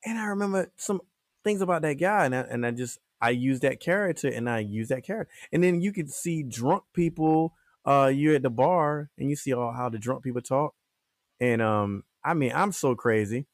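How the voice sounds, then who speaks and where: A man's voice: mid-range voice, animated, normal speed, no echo, clean studio sound. A man, a guest comedian, talking in a rambling, casual way. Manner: rambling, many fillers and restarts. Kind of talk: casual interview chat.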